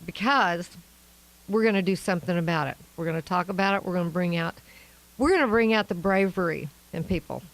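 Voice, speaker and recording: A woman co-hosting a radio talk show, upbeat and quick to laugh, reading out contact details. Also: lowish voice, rough recording. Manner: upbeat, giggly, encouraging. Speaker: radio co-host. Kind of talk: casual radio chat.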